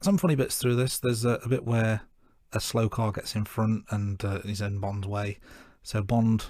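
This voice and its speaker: A man co-hosting a podcast, recapping a film scene by scene in a relaxed, self-deprecating way. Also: fairly low pitch, normal speed, dry recording, clean studio sound. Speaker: podcast co-host. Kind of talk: casual film-review chat.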